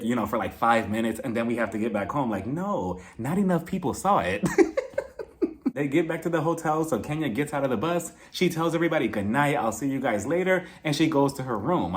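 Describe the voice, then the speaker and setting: A young man giving a casual, gossipy recap of a reality TV episode, with exasperated asides. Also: mid-range voice. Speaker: reality TV reviewer.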